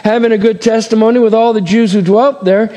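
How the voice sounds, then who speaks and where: A man's voice: sits high, fairly even intonation, fairly quick, warm tone, big-room sound. A man preaching a sermon, reading scripture aloud and acting out the voices with dramatic swings and chuckles. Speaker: pastor.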